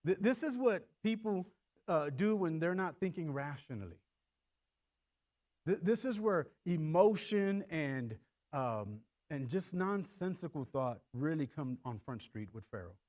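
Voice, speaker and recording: Animated preaching man with lively pitch. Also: unhurried. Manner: animated, acts out quotes in shifting voices. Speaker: pastor. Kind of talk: sermon. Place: church.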